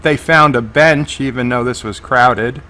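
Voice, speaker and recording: A man's voice: medium pitch, measured pace, bright, forceful tone. A man giving live reaction commentary on a TV episode, narrating scenes as they unfold and often restarting his sentences. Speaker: TV episode reviewer.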